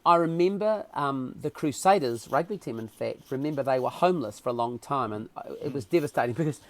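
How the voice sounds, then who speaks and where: A man with a New Zealand accent speaks as a podcast guest. He tells his stories in a loose, conversational way with a lot of feeling, and his voice sits at an ordinary middle pitch. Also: a little fast. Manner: emotional, animated storyteller. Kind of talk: casual interview storytelling.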